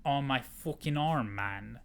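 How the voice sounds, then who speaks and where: A man's voice: medium pitch, slow, clear, resonant tone. A man co-hosting a podcast in laid-back, casual chat full of slang. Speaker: podcast co-host.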